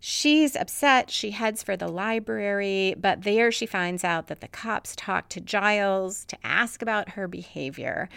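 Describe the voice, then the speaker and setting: A woman's voice: medium pitch, animated, unhurried, vocal fry, few pauses, a bit bright, clean tone, no echo. A woman hosting a casual recap of a TV episode, retelling scenes in a conversational way. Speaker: podcast host recapping a TV episode.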